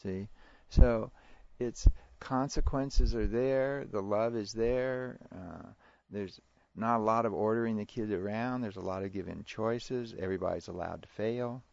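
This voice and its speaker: A middle-aged man, a parenting educator, answering interview questions in a halting way, with restarts and chuckles. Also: lowish voice, creaky, a little mellow, no echo. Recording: dry, muffled lo-fi recording.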